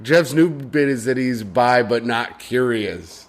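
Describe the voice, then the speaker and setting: A man co-host in casual podcast chat whose voice sits at an ordinary mid pitch. He drops short, teasing reactions and quick questions into the conversation.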